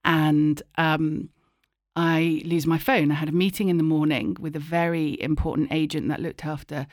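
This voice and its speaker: Animated woman telling stories. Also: sits low, normal speed, no room sound, clean studio sound. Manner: animated, acts out voices in anecdotes. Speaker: guest, actor and writer. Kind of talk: casual interview storytelling.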